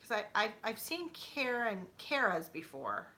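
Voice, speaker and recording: A woman's voice: a little high, sing-song, unhurried, bright, forceful tone. A woman in her thirties chatting casually with viewers at home, rambling with many fillers. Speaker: YouTuber. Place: home, sitting on a bed.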